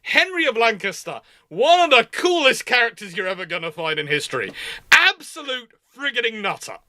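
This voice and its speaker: A male naval history presenter tells the story in an informal, enthusiastic lecture, often restarting his sentences. His voice sits high and sounds bright and forward. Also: sing-song, moderate pace.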